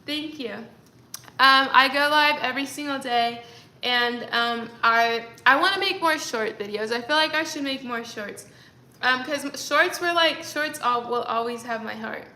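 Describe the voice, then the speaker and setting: A woman's voice: high-pitched, measured pace, pushed and bright. A young woman chatting casually on a livestream, rambling with lots of fillers. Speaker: livestreaming creator. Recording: echoey room.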